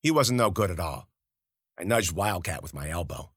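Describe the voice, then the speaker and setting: A man's voice: deep voice, animated, moderate pace, slightly rough, no room sound, clean studio sound. A man narrating a first-person story in a gritty, slangy, profane voice. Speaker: audiobook narrator.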